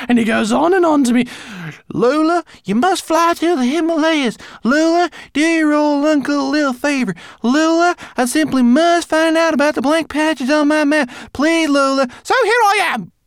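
A plump lady rat pilot, fussy and easily flustered, with a very high, squeaky voice. She grumbles and exclaims in sharp bursts, her tone pinched and unlike a normal speaking voice. The storybook recording is dry and close, with no room sound. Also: animated, moderate pace, no echo. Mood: grumbling. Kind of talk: audiobook character voice.

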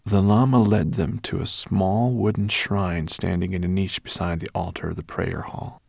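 A man narrating a children's fantasy novel in a measured storytelling manner. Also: sits low, steady tone, creaky, a little mellow, dry recording, clean studio sound. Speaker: audiobook narrator. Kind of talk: scripted narration.

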